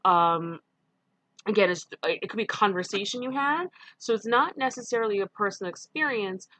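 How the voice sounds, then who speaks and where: Lively and bright, this mid-range female voice has a forceful tone and normal speed, recorded without echo. She's a middle-aged New York teacher delivering a casual online lecture, full of ums and self-corrections.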